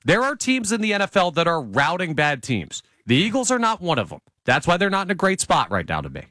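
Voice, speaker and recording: A man's voice: fairly high pitch, wildly swooping pitch, a little fast, bright, forceful tone, dry recording. Skeptical male radio co-host. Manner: skeptical, argumentative. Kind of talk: sports talk radio debate. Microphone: studio mic.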